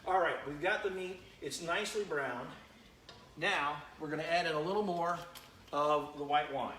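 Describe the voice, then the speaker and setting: A man's voice: fairly high pitch, moderate pace, pushed and bright, roomy sound, a little hiss or hum. A man hosting a live-streamed home cooking demo, chatting with viewers by name as he cooks in his kitchen. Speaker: home cooking show host.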